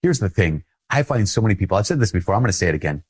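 Husky-voiced priest preaching conversationally. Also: male voice, fairly low pitch, very animated, very fast. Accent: Minnesotan. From Minnesota. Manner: earnest, conversational, repeats phrases and laughs softly. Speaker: Catholic priest. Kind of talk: sermon.

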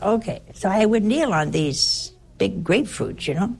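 A woman's voice: medium pitch, animated, normal speed, vocal fry, darkish tone, breathy edge. An older woman, a nun, telling a personal story in a rambling, conversational way. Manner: rambling, conversational, with frequent restarts.

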